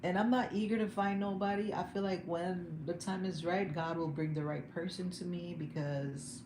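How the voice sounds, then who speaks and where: A woman's voice: fairly low pitch, steady tone, normal speed. A young woman talking candidly and emotionally to her viewers, laughing now and then as she vents. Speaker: vlogger. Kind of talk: casual livestream chat. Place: home room. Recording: echoey room with background noise.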